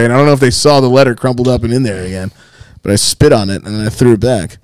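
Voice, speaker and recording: A man co-hosting a casual podcast, telling animated, profanity-laced stories. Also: medium pitch, fast talker, smooth, dry recording. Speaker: podcast co-host.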